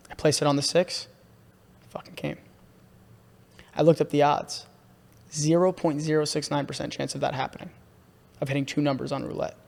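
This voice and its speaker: A young man on a podcast, excitedly telling a long story and calling his listener "bro" a lot. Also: on the high side, gravelly. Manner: excitable, repeats himself, says "bro" a lot. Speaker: podcast host. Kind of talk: casual podcast chat, storytelling. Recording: room with long reverb.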